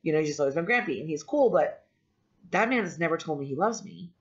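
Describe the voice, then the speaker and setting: A woman's voice: low-pitched, lively intonation, fast. Candid woman vlogger, dull lo-fi sound. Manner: candid, rambling, with frequent ums and restarts. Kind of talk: personal storytelling to camera. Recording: dull lo-fi audio.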